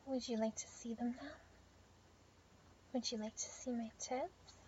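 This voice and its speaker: A young woman in a whispered role-play, speaking in a soft, teasing whisper with breathy murmurs. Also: fairly high pitch, fairly even intonation, unhurried. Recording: dull lo-fi audio with faint background hiss.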